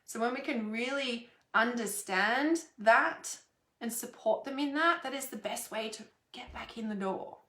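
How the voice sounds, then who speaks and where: A woman's voice: fairly high pitch, unhurried, fairly bright tone. A woman and parenting coach talking frankly and casually to camera, rambling and swearing freely. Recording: roomy echo.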